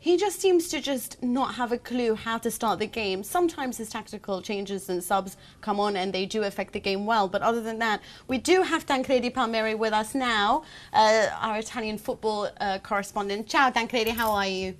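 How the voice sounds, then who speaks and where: Chatty woman hosting a football talk show. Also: a little high. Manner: chatty, wry, quick asides. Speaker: host. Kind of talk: casual football chat.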